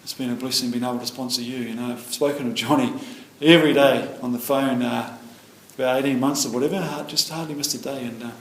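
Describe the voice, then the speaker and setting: A man's voice: medium pitch, fairly even intonation, quick pace, hardly any pauses. A middle-aged man giving a rambling, earnest personal share at a recovery meeting, leaning on "you know" throughout. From New Zealand. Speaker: AA meeting speaker. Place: meeting room. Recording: roomy meeting hall with faint ambience.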